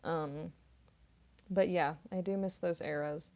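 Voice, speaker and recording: A woman in her mid-twenties chatting casually on a livestream, soft-spoken and rambling, with lots of fillers and little giggles. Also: low voice, fairly even intonation, takes it slowly. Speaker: voice actress streamer. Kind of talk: casual livestream chat reading comments.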